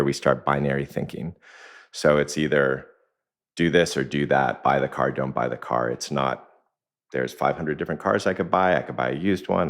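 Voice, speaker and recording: A man with an extremely deep, low voice speaks as a podcast guest. He explains his ideas reflectively, uses anecdotes as examples, and chuckles often. He is recorded in a home kitchen. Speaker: executive coach, podcast guest. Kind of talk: conversational podcast interview.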